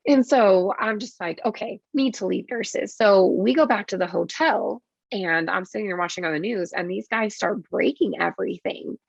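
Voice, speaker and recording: A woman's voice: mid-range voice, gravelly, slightly rough, dry recording. A woman nurse being interviewed on a podcast, telling a story casually with lots of swearing and acted-out quotes, on dull lo-fi audio. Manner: swearing, quick and vivid, acts out her own quotes.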